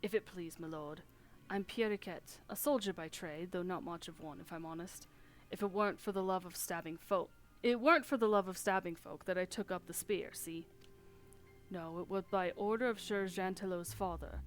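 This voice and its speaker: A woman voicing a cynical lowborn male soldier with rough, common speech, reading game dialogue aloud. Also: moderate pace, close to an everyday voice. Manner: rough common speech, dry and world-weary.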